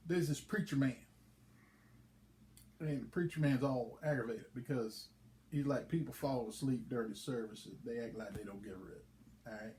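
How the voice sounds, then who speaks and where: A man's voice: mid-range voice, moderate pace, slight background noise. A man, a league commissioner, chatting casually and telling a folksy joke. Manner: folksy, relaxed storytelling.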